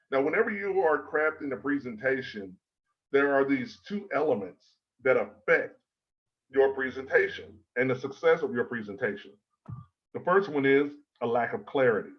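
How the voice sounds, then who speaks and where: A man coaches an audience on public speaking in a steady, mid-pitched voice, leaning on his key words and grouping them in threes. The recording sounds a little dull and lo-fi. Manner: measured, emphatic, repeats key words in threes. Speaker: presentation coach. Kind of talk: instructional talk to a speakers' club.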